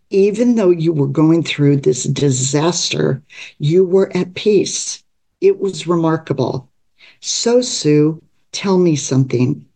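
A direct, earnest longtime friend who talks plainly and with care, as a woman reads her. The delivery is slow and mellow. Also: low voice, full character voice.

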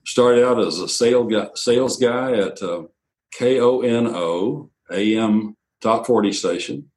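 An older man, a radio executive telling anecdotes in an interview, quoting others in lively bursts. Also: fairly low pitch, a little hiss or hum, poor audio. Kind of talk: storytelling interview.

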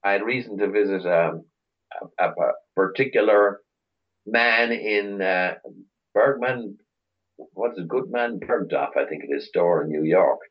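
A man's voice: fairly low pitch, a little slow, dull audio. A middle-aged Irish man chatting as an interview guest, telling rambling stories with many restarts. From Ireland. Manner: rambling storyteller, frequent restarts. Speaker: guest, chauffeur tour operator. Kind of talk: casual interview chat.

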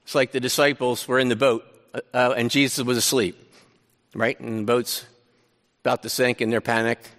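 Animated preacher in a reverberant hall. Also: male voice, mid-range voice, normal speed, pauses often. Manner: conversational, animated paraphrasing of scripture with restarts. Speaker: pastor. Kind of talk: sermon.

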